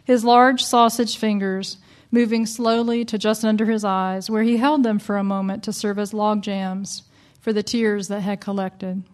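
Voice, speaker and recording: A woman's voice: mid-range voice, flat delivery, normal speed, hardly any pauses, darkish tone. A woman from the American South telling a personal story to an audience in a wry, conversational way.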